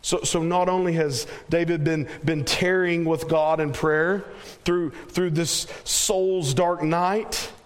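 Slow, emphatic Southern preacher man. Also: steady tone. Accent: Southern American. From American South. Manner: slow, emphatic, repeats phrases, drops pitch at phrase ends. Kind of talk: sermon.

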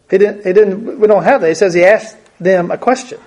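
A man's voice: high voice, normal speed, a little mellow. A man preaching a conversational Bible teaching, thinking aloud and often repeating his words.

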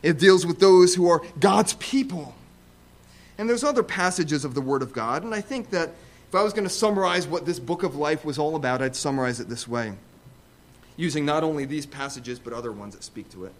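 High-voiced emphatic male preacher. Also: lively intonation, fast talker. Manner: emphatic, rising to loud repeated stresses; conversational asides with fillers. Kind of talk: sermon.

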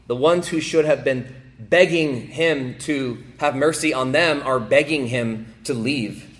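Man, pastor, sermon, ordinary middle pitch, emphatic then hushed, repeats key phrases. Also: slow. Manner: swings between emphatic raised passages and hushed quiet ones.

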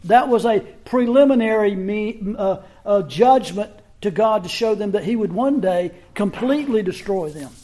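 Casting: high-pitched male pastor, emphatic expository sermon with restarts. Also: lively intonation, normal speed, few pauses, mellow. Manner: emphatic, with frequent restarts and shifting pace. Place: church sanctuary.

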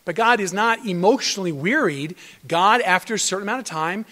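A man preaching a sermon to his congregation as a pastor, swinging between loud emphatic lines and hushed near-whispers. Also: high-pitched, a little fast. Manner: addresses congregation as brothers and sisters. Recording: long hall reverb.

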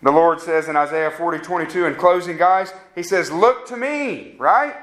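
Male preacher with a fairly high voice, delivering an earnest, pleading sermon. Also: fairly even intonation, moderate pace, fairly bright tone. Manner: pleading, earnest appeals with rising questions.

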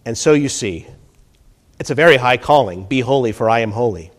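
A man's voice: mid-range voice, expressive, brisk. Emphatic man preaching a sermon. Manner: swings from hushed to emphatic, repeats key phrases.

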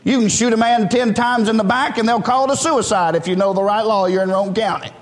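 A male pastor delivers a fervent sermon in a high, ringing voice. He calls out to the congregation and builds toward passionate peaks. His voice carries a long reverb through the church hall. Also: brisk. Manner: fervent, preaching in a rising call-and-response style. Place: church sanctuary.

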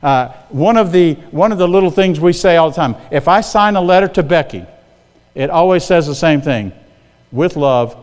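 Older male guest preacher, slightly high voice, chatty sermon style, long church reverb. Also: darkish tone. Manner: conversational, often checking in with the congregation.

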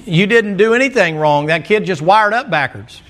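A man's voice: high voice, lively intonation, moderate pace, fairly bright tone. A man preaching a sermon, folksy and joking, calling out to the congregation for responses. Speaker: pastor.

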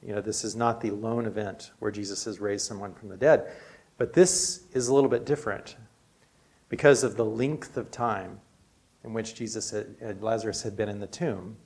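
A man's voice: lowish voice, fairly even intonation, normal speed, darkish tone. A man giving a sermon as a pastor, speaking earnestly in a conversational way with many casual asides. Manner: earnest, conversational preaching with frequent "you know".

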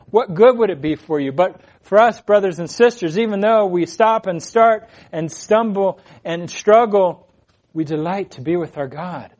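A male preacher delivers a verse-by-verse sermon with earnest conviction. His voice sits a little higher than most men's. He leans hard into key phrases and swells louder on them. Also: a little slow. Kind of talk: expository sermon.

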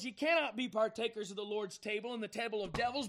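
A man preaching a fiery sermon as an evangelist, emphatic and building to shouted warnings. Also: high voice, fast, few pauses.

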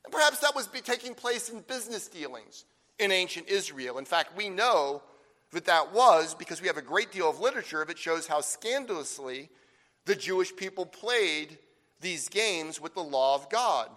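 A man preaching a sermon, emphatic, with slow stressed phrases and rhetorical questions. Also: sits high, lively intonation, pushed and bright. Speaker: pastor. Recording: long hall reverb.

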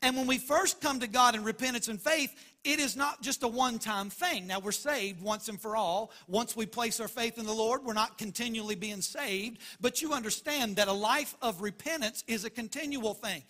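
A man's voice: very high-pitched, normal speed, few pauses, bright, forceful tone. A man preaching a sermon as pastor, emphatic and driving points home by repeating phrases.

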